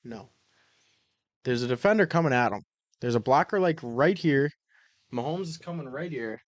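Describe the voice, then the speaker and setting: A man's voice: medium pitch, moderate pace, no room sound. A man co-hosting a casual sports podcast, talking loosely, swearing a lot and ranting when heated. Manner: profane, animated when ranting. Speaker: podcast co-host. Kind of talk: casual chat. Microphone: own microphone.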